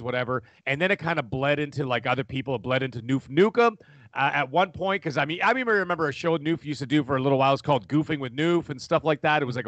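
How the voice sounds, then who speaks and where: A middle-aged man, a podcast guest, telling his story in a loud, animated, casual way with many restarts. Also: a little high, no room sound. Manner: animated, talks loudly with many restarts and laughs. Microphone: studio microphone.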